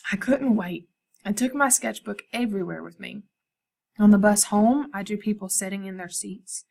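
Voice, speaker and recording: A woman art teacher reads a picture book aloud to her class. Her storytelling is expressive, and she often speaks to the students directly. Her voice has a gravelly edge. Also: mid-range voice, normal speed.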